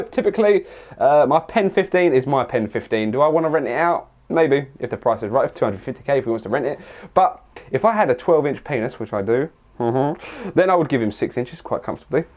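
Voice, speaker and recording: A man's voice: mid-range voice, darkish tone, muffled recording. A young English man answering viewer questions in a casual vlog, rambling and crude with lots of jokes. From England. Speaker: fitness vlogger.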